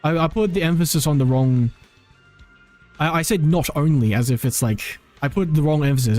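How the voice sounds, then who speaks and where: Guy rambling on stream, says like a ton, keeps correcting himself, soft music under it. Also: mid-range voice, brisk. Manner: rambling, full of "like" and self-corrections. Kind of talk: casual live-stream chat.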